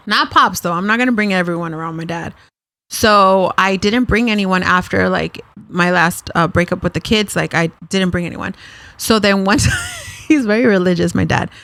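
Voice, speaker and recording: A woman guest on a podcast telling stories in casual chat, laughing often, swearing, and talking in quick bursts. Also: mid-range voice, fairly bright tone, no echo.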